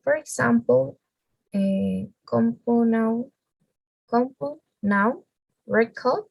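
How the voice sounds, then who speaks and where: Non-native woman presenter, slow and gravelly, dry close sound. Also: medium pitch, darkish tone, dry recording, rough recording. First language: Spanish. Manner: halting, with restarts and fillers. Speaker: student presenter. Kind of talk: reading a class presentation.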